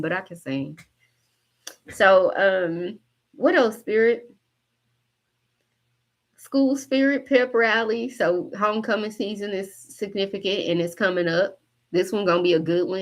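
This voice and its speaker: A woman in her forties giving a casual spiritual reading to camera. She is blunt and profane, jokes a lot and laughs often. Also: medium pitch. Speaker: tarot reader and coach.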